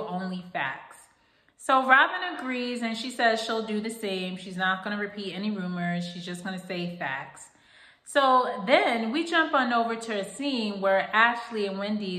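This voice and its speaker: A young woman talks through a reality show recap, casual and opinionated, laughing easily. Her voice is bright and forward. The room around her is echoey. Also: mid-range voice. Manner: chatty, opinionated, laughs often. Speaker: recap vlogger.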